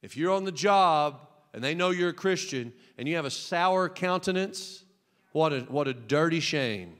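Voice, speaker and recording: A man preaching a Pentecostal sermon as pastor, emphatic and joking, dropping to a hush and then rising to loud cries. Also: fairly high pitch, lively intonation, normal speed. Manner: emphatic, swinging from hushed to loud, joking asides. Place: church sanctuary with balcony. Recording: long church hall reverb.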